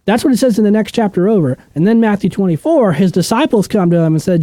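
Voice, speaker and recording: A man leading a relaxed Bible study, blunt and opinionated, who keeps asking questions and then answering them. His voice sits fairly high and swings widely in pitch, with a mellow, dark tone. The sound is dry, with no room echo. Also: fast talker, few pauses. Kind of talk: casual unscripted teaching.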